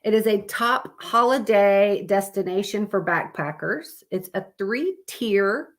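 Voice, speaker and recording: A woman's voice: mid-range voice, lively intonation, takes it slowly. Chatty rambling woman streamer. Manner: chatty, rambling, with fillers and self-corrections. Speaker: live stream host. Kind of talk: casual live stream chat.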